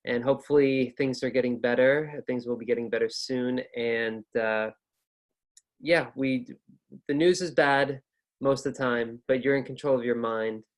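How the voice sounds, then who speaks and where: Upbeat American male teacher in his 30s, chatty and casual, mid-pitched. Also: steady tone, normal speed. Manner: upbeat, chatty, with fillers and restarts. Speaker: ESL and test-prep teacher. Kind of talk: casual online lecture.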